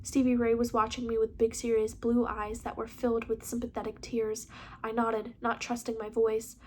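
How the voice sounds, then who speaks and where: A woman's voice: fairly high pitch, completely flat delivery, moderate pace, slight background noise. A woman hosting her channel, reading a novel aloud with small slips and restarts. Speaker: book reader, channel host. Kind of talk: casual audiobook reading.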